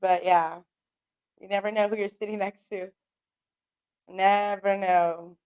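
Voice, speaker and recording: A woman's voice: mid-range voice, flat delivery, slow pace, darkish tone, clear, resonant tone. A woman, hosting a radio show and chatting casually on her own, rambling, swearing and laughing a lot. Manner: rambling, profane, laughs often. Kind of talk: casual solo chat. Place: radio studio.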